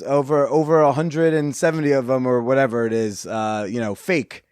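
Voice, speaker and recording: A man's voice: medium pitch, normal speed, few pauses, darkish tone, clear, resonant tone, dry recording, studio quality. A man hosting a podcast, reading sponsor ads and joking in a rambling, sarcastic way. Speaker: podcast host. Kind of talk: casual podcast chat with ad reads.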